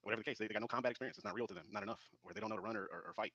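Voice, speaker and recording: A man's voice: medium pitch, big pitch swings, racing, vocal fry, a bit bright, no room sound, lo-fi sound. A man from Georgia on a casual panel, telling stories with many hesitant fillers. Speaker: panel guest. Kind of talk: casual chat.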